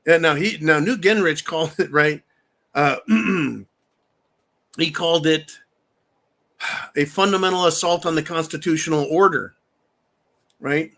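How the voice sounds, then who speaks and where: Male livestream host, bright and a bit high, loose rambling delivery with casual swearing. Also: unhurried, long pauses. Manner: loose, rambling, swears, takes shots on air. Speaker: live stream host. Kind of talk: casual political livestream talk.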